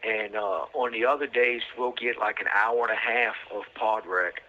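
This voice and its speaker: Raspy man telling stories over a prison phone. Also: fairly low pitch, steady tone, moderate pace, sharp tone. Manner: rambling, street slang, many fillers. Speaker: podcast host telling his own story. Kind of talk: casual storytelling over the phone. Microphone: prison phone line. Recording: tinny phone line.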